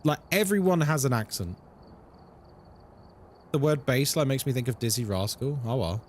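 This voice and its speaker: A man streaming live and chatting casually with viewers, animated and swearing freely. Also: medium pitch, normal speed, slight background noise. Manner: animated, swears freely, drops into mock voices.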